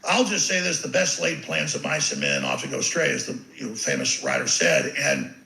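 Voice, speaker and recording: A man's voice: medium pitch, wildly swooping pitch, a little fast, vocal fry, bright, forceful tone. A man giving an impassioned monologue as an interview guest, intense and ranting, often stumbling on repeated words as he pushes ahead. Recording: roomy echo.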